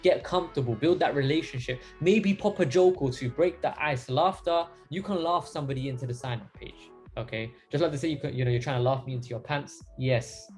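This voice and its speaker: A young man coaching his team in a casual, energetic training talk, with many fillers along the way. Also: mid-range voice, brisk, few pauses, faint music behind. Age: young adult. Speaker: sales mentor.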